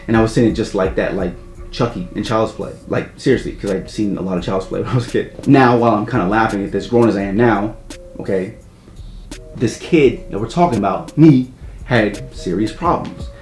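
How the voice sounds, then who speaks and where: A man casually telling a story from his own life, rambling with wry asides and loudly acting out the voices of the people in it. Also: lowish voice. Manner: rambling, wry asides, loud acted quotes. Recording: echoey room, faint music.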